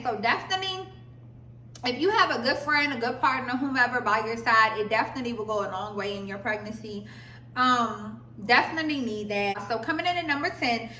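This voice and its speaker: A woman's voice: high voice, bright, forceful tone, a little hiss or hum. A young woman vlogging casual pregnancy advice, chatty and talking straight to her viewers as "y'all". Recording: echoey room, voice a bit far from mic.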